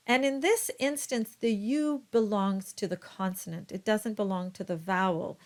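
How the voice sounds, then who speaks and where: Slow, careful woman teaching choir diction. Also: mid-range voice. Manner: careful, deliberate demonstration of vowel sounds. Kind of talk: instructional explanation with sung-like example words.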